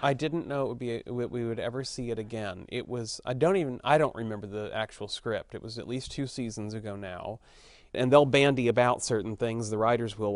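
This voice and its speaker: Recorded dry with studio quality, the man's voice is on the low side. He's a Texas-born actor in his thirties with a slight accent, fielding interview questions openly and chattily while thinking aloud, restarting sentences and using fillers.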